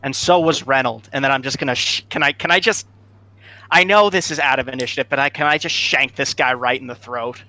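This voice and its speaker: A man playing a tabletop game, blunt and forceful when speaking in character. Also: medium pitch, brisk. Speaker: player. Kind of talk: tabletop role-play.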